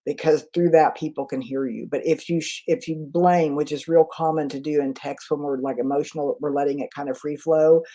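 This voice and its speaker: Fast-talking woman giving a webinar. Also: low-pitched, warm tone. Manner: quick, conversational, self-aware. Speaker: communication trainer. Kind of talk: live webinar talk answering chat questions.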